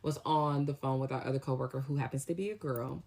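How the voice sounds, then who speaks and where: A young woman with a low, deep-set voice tells a story casually to her viewers. She talks in a slangy, animated way and jumps into lively acted-out quotes. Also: quick pace, gravelly, slightly rough. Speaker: storytime vlogger.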